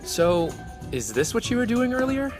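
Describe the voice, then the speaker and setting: A woman's voice: fairly high pitch, big pitch swings, normal speed. A woman dubbing an earnest, awkward young anime hero who speaks hesitantly and sincerely. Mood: bewildered. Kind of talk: anime English dub. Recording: with background music.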